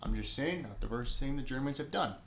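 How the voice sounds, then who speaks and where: A man's voice: medium pitch, a little fast. A man co-hosting a casual podcast, reading notes aloud with wry joking asides. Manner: joking, wry asides, bursts of excited outbursts. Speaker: podcast co-host. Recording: roomy room echo, faint noise.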